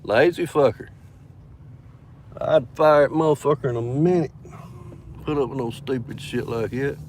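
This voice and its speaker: A man's voice: medium pitch, a little mellow. Man vlogging from his car, profane storyteller, noisy outdoor phone audio. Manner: profane, rambling, quotes others with "I said, he said". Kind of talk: casual storytelling vlog. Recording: noisy phone recording near traffic.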